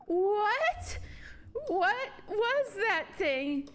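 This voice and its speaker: A woman streaming a live game playthrough, excitable and swearing, with loud startled outbursts. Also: extremely high pitch, extremely slow, background noise.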